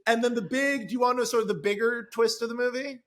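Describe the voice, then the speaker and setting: Against a noisy background, a high-voiced screenwriter guest on a podcast excitedly recounts a script. His storytelling is fast and enthusiastic, with many restarts.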